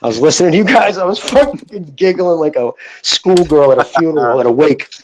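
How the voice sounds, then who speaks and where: A man's voice: a little high, expressive, a little fast, a little mellow, slight background noise, low-quality recording. A man calling into a podcast, telling crude rambling stories and swearing a lot. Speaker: caller. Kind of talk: casual chat.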